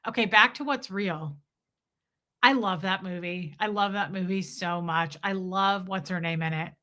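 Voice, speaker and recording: Reading her viewers' comments aloud between giggles, a woman hosts a casual livestream. She speaks at a measured pace, and her medium-pitched voice comes across as bright and forceful.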